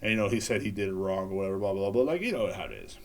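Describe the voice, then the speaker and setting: A young adult man hosts a solo podcast, ranting casually in a sarcastic, profane, rambling way with many restarts. His voice is deep, with lively intonation and a rapid-fire delivery.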